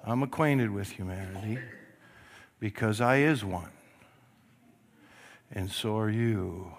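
A middle-aged man preaching a sermon, telling the story with animated delivery that swings from loud to hushed and acting out voices. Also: lowish voice, slow. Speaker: pastor.

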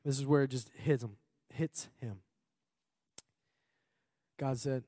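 A Minnesota pastor speaks slowly and pauses often, his medium-pitched voice mellow and steady in tone. His sermon is earnest and emphatic, with frequent repetition of phrases and occasional laughter, recorded in clean studio sound without echo.

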